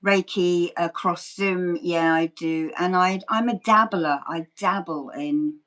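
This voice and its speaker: A woman's voice: lowish voice, slow pace, fairly bright tone. A woman, chatting as a guest over a video call, laughing often and poking fun at herself. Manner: laughs often, self-deprecating, rambling. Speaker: guest, ASMR creator and Reiki healer. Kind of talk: relaxed interview chat.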